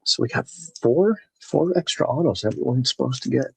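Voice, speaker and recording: Opening packs on a live baseball card break stream, this man rambles in a relaxed way and calls out viewers by name. His mid-range voice is gravelly and husky, a little mellow, and his pace is brisk. The recording sounds rough.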